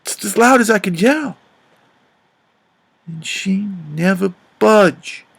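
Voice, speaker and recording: Guy doing a gravelly grieving dad with a drawl, high-ish voice, busts out loud sometimes. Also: animated, slow, exaggerated voice. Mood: anguished. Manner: drawling, swells to loud outbursts. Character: grieving remorseful grown father, rough and tender. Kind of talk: audiobook character reading.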